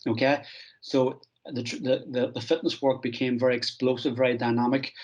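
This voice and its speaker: Coach telling lively stories. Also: male voice, mid-range voice, a little fast. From Ireland. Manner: animated anecdotes, frequent restarts and "I goes". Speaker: strength and conditioning coach, guest. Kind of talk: conversational storytelling interview. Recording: dull lo-fi recording.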